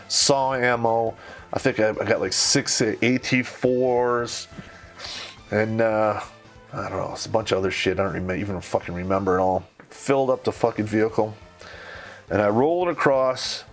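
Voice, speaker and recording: A man's voice: mid-range voice, moderate pace, soft background music. A man telling a war story in casual, profane speech, acting out the voices of the people he quotes.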